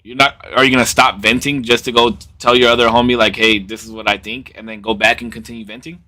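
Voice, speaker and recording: Young man with a bright, tense voice. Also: medium pitch, level tone, fast talker. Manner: reasoning, offers opinions casually. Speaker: podcast co-host. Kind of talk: casual chat.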